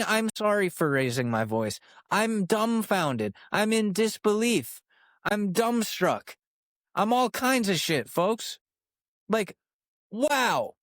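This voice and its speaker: A man's voice: sits high, sing-song, takes it slowly, fairly bright tone, no room sound, studio quality. Profane, incredulous male comedy ranter. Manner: incredulous, profane, exasperated ranting. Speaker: podcast host. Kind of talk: comedic rant monologue.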